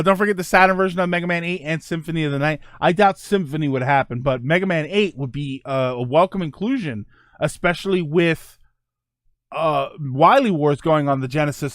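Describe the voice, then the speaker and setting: Streamer host, a man in his forties, a bit high-voiced, chatty and excitable, recorded close and dry. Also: no echo. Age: 40s. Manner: rambling, enthusiastic, laughs often. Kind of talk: casual livestream chat.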